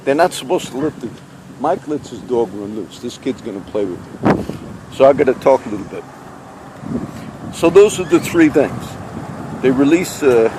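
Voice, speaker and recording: Man, casual rambling vlog talk, mid-pitched voice, wind and passing traffic behind. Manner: chatty, loses his train of thought. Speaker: vlogger. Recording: outdoor wind and traffic noise.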